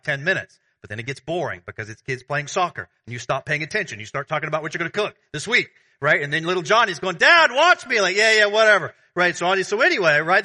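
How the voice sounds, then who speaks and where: A man preaching a sermon as pastor, conversational and animated, with everyday analogies. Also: fairly high pitch.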